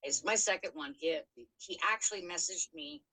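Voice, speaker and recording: A woman's voice: mid-range voice, sing-song, moderate pace, gravelly, pushed and bright, husky, poor audio. A middle-aged woman frankly telling her own story on a podcast, swearing freely, with many fillers and restarts. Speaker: podcast co-host. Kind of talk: candid personal storytelling.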